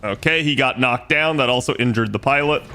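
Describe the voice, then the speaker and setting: A man's voice: mid-range voice, brisk, sharp tone. A man streaming a strategy game, casually explaining his moves aloud and swearing now and then. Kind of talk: casual gameplay commentary.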